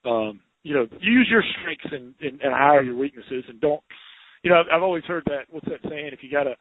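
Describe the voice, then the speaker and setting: A man with a Southern accent hosting a podcast interview, chatty and quick to laugh, with many restarts. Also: on the high side, expressive, no echo. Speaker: podcast host, home inspector. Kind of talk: casual interview chat. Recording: dry, phone-like narrow sound.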